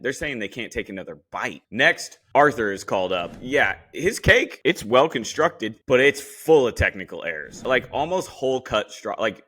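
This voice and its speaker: A man hosts a podcast with a bright, forward voice. He talks in a blunt, animated way and swears freely as he recaps casually. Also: lowish voice. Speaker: podcast host.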